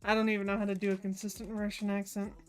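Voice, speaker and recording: A woman's voice: medium pitch, little pitch movement, very fast, clear, resonant tone, faint music behind. A woman hosting a craft livestream, chatting casually, swearing freely and laughing easily as she works. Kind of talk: casual chat while crafting.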